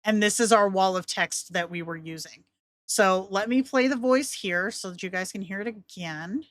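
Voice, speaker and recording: A woman walks viewers through a casual screen-share tutorial in a chatty, rambling way, laughing often. Her voice is mid-pitched, and the sound is dry and close. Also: normal speed, no room sound. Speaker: tutorial host.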